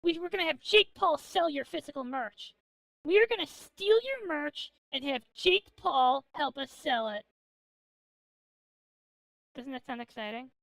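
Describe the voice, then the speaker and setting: A woman's voice: high voice, lively intonation, measured pace, gravelly, pauses often, a bit bright, no echo, poor audio. A woman VTuber chatting casually on a gaming stream, rambling in a manic, jokey way and swearing now and then.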